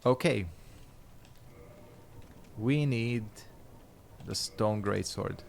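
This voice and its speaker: A man's voice: on the low side, extremely slow, gravelly, a little hiss or hum. A man chatting casually while streaming a game, rambling and swearing freely. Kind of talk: casual gameplay commentary.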